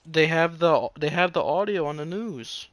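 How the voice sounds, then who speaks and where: A man's voice: a little high, animated, moderate pace, fairly bright tone. A young man casually commenting over a video game, telling stories in loose, chatty slang, with game music playing behind. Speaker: gaming channel host.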